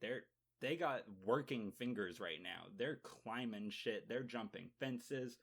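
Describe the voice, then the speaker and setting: A man's voice: mid-range voice, slow, gravelly, breathy edge. A man giving a casual, campy and sarcastic recap of a TV episode, swearing freely. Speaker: TV show reviewer.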